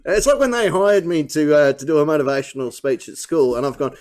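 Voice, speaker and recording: Male comedy host, slightly high voice, laughs at his own jokes, live panel banter. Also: a little fast, hardly any pauses, darkish tone.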